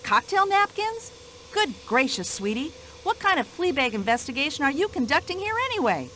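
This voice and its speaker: A shrill, chatty older American widow in a mystery game. Her voice sits high and leaps all over the place with a bright, sharp edge. She sounds permanently put out and quick to take offense. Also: very animated, slight background noise, exaggerated voice. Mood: indignant. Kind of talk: video game voice acting.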